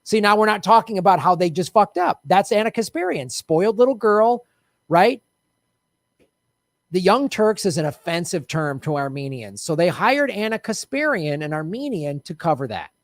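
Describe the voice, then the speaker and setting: Man, political rant, frustrated raised voice, sarcastic, lively swings in pitch, dry sound. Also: moderate pace, no room sound. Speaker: political commentator. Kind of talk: ranting monologue.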